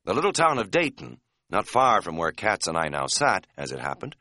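A man narrating an audiobook in a wry, deadpan way. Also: low voice, a little fast, dry recording, studio quality.

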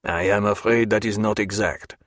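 A man voicing a stern middle-aged army major who questions a prisoner in a cold, formal, measured way. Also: on the low side, steady tone, no echo, studio quality, natural voice.

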